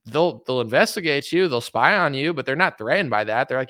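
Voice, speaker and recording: A young adult man ranting casually about politics, quick and animated, breaking into mocking put-on voices now and then. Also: medium pitch, dry recording, studio quality. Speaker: political commentator.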